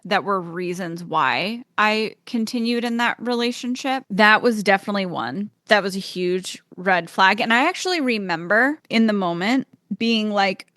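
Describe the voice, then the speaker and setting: A woman's voice: medium pitch, dry recording, studio quality. Candid young woman telling a story. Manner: candid and expressive, swearing, acts out quoted texts. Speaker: podcast co-host. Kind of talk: casual storytelling chat.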